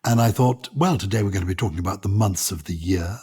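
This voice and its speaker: A man's voice: low voice, quick pace, dark tone, slightly rough. An older English man co-hosting a podcast, chatting and reading a poem aloud with theatrical expression. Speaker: podcast co-host. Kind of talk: casual chat and poetry reading.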